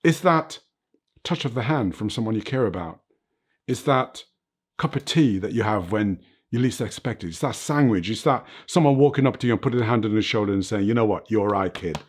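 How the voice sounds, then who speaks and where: A man's voice: on the low side, breathy edge. An older man giving an emphatic, earnest interview about life lessons, often tagging his points with "right?" and "you know what", in a home under filming lights. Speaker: interview guest, fitness motivator. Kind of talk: reflective motivational interview talk.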